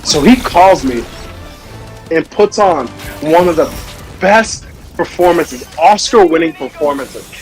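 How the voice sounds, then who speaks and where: A man's voice: on the high side, expressive, slow pace, faint music behind. A young man streaming, telling a funny story in casual chat and laughing often. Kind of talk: casual storytelling while gaming.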